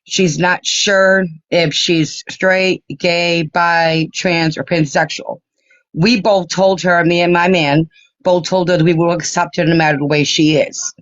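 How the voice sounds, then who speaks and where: A woman's voice: lowish voice, steady tone, measured pace, no room sound. An older woman calling into a live stream, talking in an emotional, effusive way. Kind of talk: casual chat. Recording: dull lo-fi stream audio.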